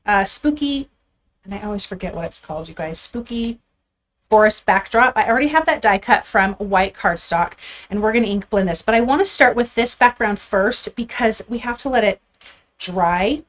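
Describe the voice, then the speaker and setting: A woman hosts a live card-making stream, chatting upbeat and casually with viewers while showing her supplies, sounding a bit out of breath. Her medium-pitched voice has lively intonation at a normal speed.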